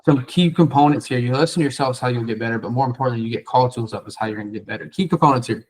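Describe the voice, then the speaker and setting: A man's voice: medium pitch, very fast, low-quality recording. Blunt, profane man coaching sales calls. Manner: blunt and profane, acts out seller and caller lines. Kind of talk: coaching feedback after a sales role play.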